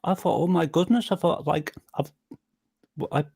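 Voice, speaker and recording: A man's voice: a little high, moderate pace, gravelly, darkish tone, husky, no echo, studio quality. A man on a livestream panel, talking in a drowsy, rambling way and often correcting himself. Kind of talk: casual chat.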